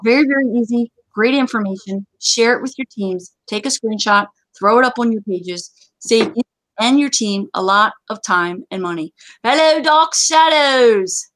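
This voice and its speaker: A woman hosting a live gaming community chat, giving brisk, emphatic instructions. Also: medium pitch, fairly bright tone, no room sound, rough recording. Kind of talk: live stream casual chat.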